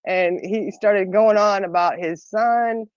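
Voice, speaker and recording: A woman's voice: mid-range voice, slow pace, darkish tone, lo-fi sound. A middle-aged woman telling a long story in casual chat, rambling and laughing often. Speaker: podcast co-host.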